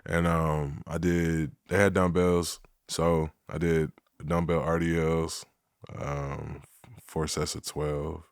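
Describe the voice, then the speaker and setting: A man speaking as a podcast guest, measured and candid, with a dry sense of humor. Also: rumbling low, little pitch movement, clean tone, no echo. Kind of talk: casual interview chat.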